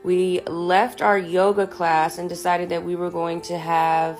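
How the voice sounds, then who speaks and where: A woman's voice: lowish voice, little pitch movement, a little slow, a little mellow, soft background music. A woman telling a personal story in a blunt, sassy, profane way. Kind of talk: casual storytelling.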